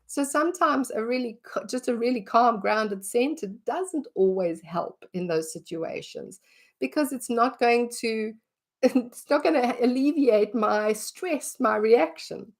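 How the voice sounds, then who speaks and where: A woman's voice: fairly high pitch, animated, a little slow. A middle-aged woman, teaching about dog behaviour in a casual way and acting out what she would say. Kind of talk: conversational teaching talk.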